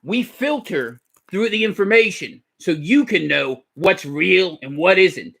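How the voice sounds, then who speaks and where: A man doing a gravelly ranting talk-show host. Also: lively intonation, measured pace, full character voice. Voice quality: deep, gravelly. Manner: shouting, preachy rants. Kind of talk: parody radio show host.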